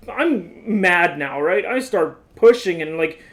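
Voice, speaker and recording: Young man, high voice, animated exasperated storyteller, casual vlog chat. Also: normal speed. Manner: animated, exasperated retelling with many "like"s. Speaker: vlogger telling his story.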